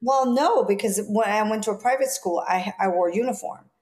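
Lively Jamaican-born woman telling stories. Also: mid-range voice, moderate pace. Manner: lively storyteller, acts out quoted voices. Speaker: stylist guest. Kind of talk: interview storytelling.

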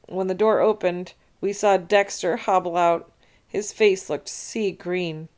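A woman reading a children's chapter book aloud in an expressive, animated way. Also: fairly low pitch, slow pace. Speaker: storybook reader. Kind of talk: children's read-aloud narration.

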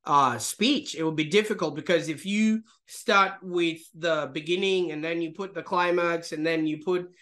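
A man's voice: on the high side, moderate pace, hardly any pauses, fairly bright tone. A man hosting a podcast interview, asking questions in a rambling way with many fillers. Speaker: podcast host. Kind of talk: interview questions, casual chat.

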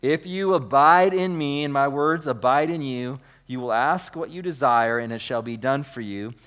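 This pastor speaks at a medium pitch and a moderate pace, his tone fairly bright. He reads scripture aloud in his sermon, then explains it with repeated words, restarted phrases and rising emphasis, calling on the congregation to join in.

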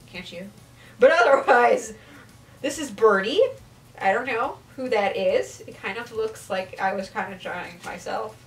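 A woman's voice: on the high side, unhurried, distant mic. A young woman chatting casually in a vlog, giggly and self-mocking as she looks back on old drawings. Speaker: youtuber. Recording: mic set back, faint ambient noise.

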